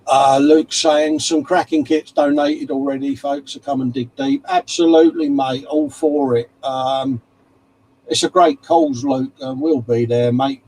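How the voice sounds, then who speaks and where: A man's voice: mid-range voice, normal speed, a little mellow, poor audio. A man co-hosting a casual livestream chat, reading out viewer comments and calling everyone mate. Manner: chatty, calls everyone mate. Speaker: livestream co-host.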